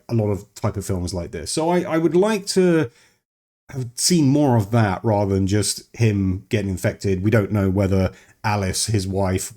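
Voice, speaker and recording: A man's voice: mid-range voice, darkish tone. A man casually reviewing a film, rambling and digressing, often cutting himself off mid-sentence. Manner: rambling, digressive, self-interrupting. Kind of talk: casual chat.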